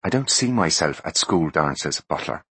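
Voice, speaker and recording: A man's voice: rumbling low, expressive, normal speed, fairly bright tone, breathy edge, no room sound, exaggerated voice. A man voicing a haughty, brilliant teenage boy in a storybook reading, speaking with cool, precise diction.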